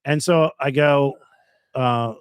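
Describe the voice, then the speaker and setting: A man's voice: mid-range voice, takes it slowly, smooth, no echo. A man telling a long story in casual podcast chat, swearing freely and laughing as he goes. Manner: lively, animated, swears freely, laughs often.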